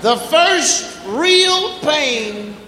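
Male stand-up comic, high lively voice, unhurried, live hall echo with audience. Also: slight background noise. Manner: drawn-out, acts out sounds and voices. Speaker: stand-up comedian. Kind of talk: stand-up storytelling. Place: theater stage before a live audience. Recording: roomy live hall recording with crowd. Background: audience laughter.

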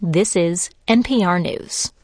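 Low-voiced woman reading the news. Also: no echo. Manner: measured, formal delivery. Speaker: newscaster. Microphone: studio microphone.

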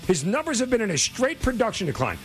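A man's voice: high voice, wildly swooping pitch, fast, soft background music. A man co-hosting sports talk radio, arguing in an emphatic, exasperated way.

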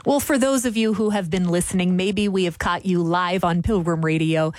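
A woman's voice: fairly low pitch, normal speed, a little mellow, no room sound. A woman hosting a Christian podcast and radio interview, chatting in an encouraging, affirming way. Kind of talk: faith interview chat.

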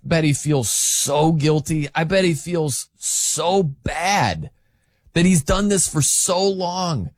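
An animated man riffing on sports with blunt opinions, his voice swooping up and down as he drives his points home. He sits slightly high in pitch and sounds close and dry, with no room around him. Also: no room sound. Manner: animated, emphatic, rambling with restarts. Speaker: sports talk host.

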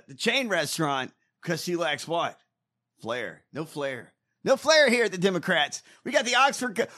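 A man on a podcast, riffing in a rowdy, profane rant. His voice sits a bit high, bright and tense, swinging widely in pitch as he mocks and rails. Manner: rowdy, ranting, mocking. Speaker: podcast co-host. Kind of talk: casual profane political banter.

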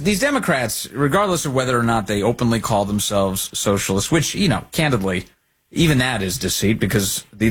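A man hosting a political talk show, giving combative, sarcastic commentary with a husky voice. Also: mid-range voice. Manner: combative, sarcastic, lively intonation. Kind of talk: opinionated commentary.

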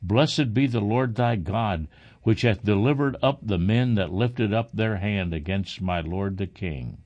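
A man's voice: on the low side, measured pace, a little mellow, dull audio, lightly acted. A man reading an earnest young messenger.

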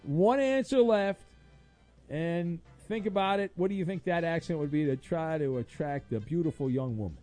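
A man with a high voice hosts a radio call-in quiz and keeps the jokes coming. Faint music plays behind him. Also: lively intonation, moderate pace, dark tone. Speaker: radio show host. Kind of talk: radio call-in game show.

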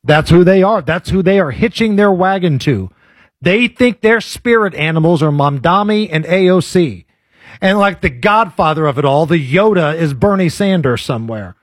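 A man's voice: sits high, lively intonation, dry recording, studio quality. A man co-hosting a talk radio show, wisecracking through casual banter. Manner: wisecracking, quick quips. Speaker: co-host.

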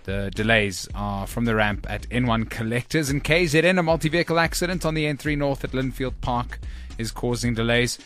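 A man reads a radio traffic report briskly and in a businesslike way. His mid-range voice sits over a light music bed. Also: mid-range voice, fairly bright tone.

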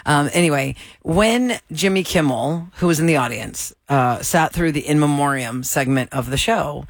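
A woman co-hosting a casual talk show, telling a story with lively acted-out quotes. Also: sits low, moderate pace, dry recording, clean studio sound. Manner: animated storyteller acting out quotes. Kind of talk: casual chat.

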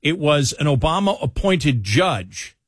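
A man's voice: on the high side, sing-song, slow pace, breathy edge, no echo. Radio host man, dry studio sound. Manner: rambling, restarts, reads a column aloud. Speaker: radio talk show host. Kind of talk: casual talk radio banter and commentary. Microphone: studio headphones and mic.

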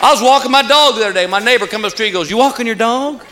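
A man doing a stand-up routine, telling stories and slowing down for punchlines. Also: high voice. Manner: drawling storyteller, punchlines delivered slow. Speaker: stand-up comedian. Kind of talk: stand-up routine before a live crowd. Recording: live club recording with loud crowd.

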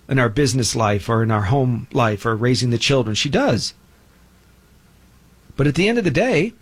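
Emphatic husky-voiced man lecturing. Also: on the high side. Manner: emphatic, preachy, mocks imagined objectors in put-on voices. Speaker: show host. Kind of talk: opinionated monologue.

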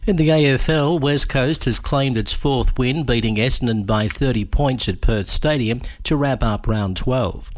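A man reading a radio news bulletin in a steady, measured way. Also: medium pitch, noisy background. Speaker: newsreader.

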